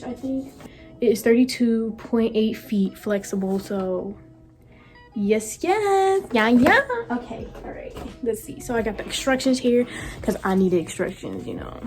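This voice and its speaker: Excitable woman vlogging at home. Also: a little high, moderate pace, faint music behind. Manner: excitable, gushing, talks to viewers. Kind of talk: casual vlog chat.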